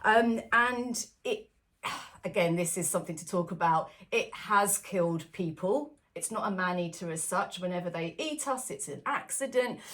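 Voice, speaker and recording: A woman's voice: lowish voice, animated, normal speed, a bit bright. A woman co-hosting a casual podcast about films, chatting loosely with many fillers and frequent laughs. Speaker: podcast co-host. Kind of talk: casual film-discussion podcast chat.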